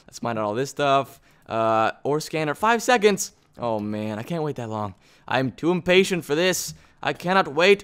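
A man hosting a gaming video, giving excitable commentary on his play and chatting to the objects around him. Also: on the high side. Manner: excitable, talks to objects in the game. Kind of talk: gameplay commentary.

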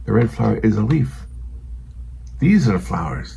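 A man's voice: lowish voice, very animated, moderate pace, creaky, warm tone, slightly rough, rough recording. A retired man in his sixties chatting in a rambling, self-deprecating way while he paints, getting a little emotional. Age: 60s. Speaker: hobby watercolor painter. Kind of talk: casual rambling chat.

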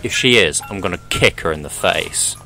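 A man's voice: low voice, expressive, normal speed, creaky, over music, poor audio. A young man commentating his horror gameplay, rambling and joking, swearing often and talking back to the game.

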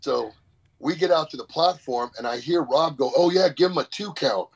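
A man guest in a casual interview, telling an animated, profane story about powerlifting. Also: fairly high pitch, moderate pace, creaky, slightly rough. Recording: dull lo-fi sound.

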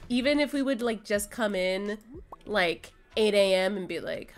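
A young adult woman streaming a farming game, chatting casually and giggling often as she plays. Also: normal speed. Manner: chatty, giggly, lively pitch swings. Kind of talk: casual gameplay chat. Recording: faint game music behind.

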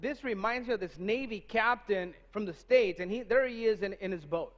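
A man with a very high voice relays a preacher's words phrase by phrase, in a casual and conversational tone. The audio is dull and muffled. A long church-hall echo follows every line. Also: moderate pace. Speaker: sermon interpreter. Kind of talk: live interpretation of a sermon. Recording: reverberant dull sanctuary audio.

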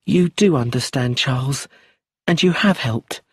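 A man voicing a frightened young widow who pleads in a breathy, raised voice. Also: mid-range voice, measured pace, a bit bright, no echo, pitched above the performer's own voice. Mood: grateful.

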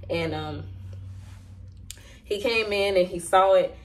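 A woman sharing an emotional personal testimony in a candid, halting way, with many fillers and restarts. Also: on the low side, slight background noise. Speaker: Christian vlogger sharing a testimony.

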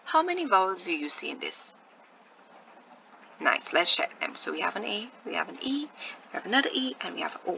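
A woman's voice: medium pitch, very animated, brisk, vocal fry, long pauses, sharp tone, dull audio, a little hiss or hum. A woman teaching a first-grade video lesson, patiently sounding out words syllable by syllable and encouraging her young viewers.

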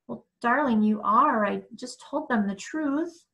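A gentle middle-aged mother, read by a woman, speaks softly and pleads with affection. Her voice is bright and lifted a little high. The character comes from a storybook reading. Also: unhurried, creaky. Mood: pleading.

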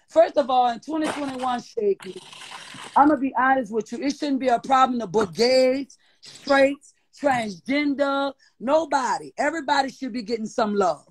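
Brief: high-pitched New Orleans bounce guest, defiant and cursing, mocking tone. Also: moderate pace, a little hiss or hum. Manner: profane, defiant, mocking, repeats insults. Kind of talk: heated live-stream rant.

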